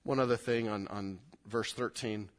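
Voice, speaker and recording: A man, a pastor, preaching a verse-by-verse sermon, often climbing high and loud as he explains. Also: normal speed. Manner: animated, rises sharply in pitch and volume when explaining.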